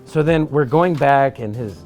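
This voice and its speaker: A man's voice: medium pitch, unhurried, faint music behind. A man guesting on a podcast, telling a wild travel story over drinks with lots of swearing. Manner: animated, profane anecdote-telling. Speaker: podcast guest, trial lawyer.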